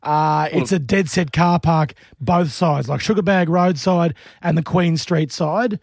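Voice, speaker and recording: A man's voice: on the high side, a little slow, creaky, darkish tone. A man with an Australian accent co-hosting a radio show in a studio, telling stories in playful, chatty banter. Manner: chatty storyteller, playful, laughs often. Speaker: radio co-host. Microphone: studio mic.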